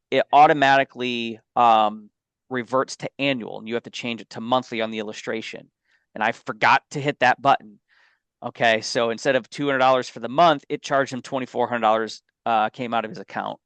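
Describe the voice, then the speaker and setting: A man's voice: mid-range voice, a bit bright, clean tone, no room sound. A man who sells life insurance, co-hosting a casual business talk and telling stories in an emphatic, conversational way. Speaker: life insurance agent and co-host.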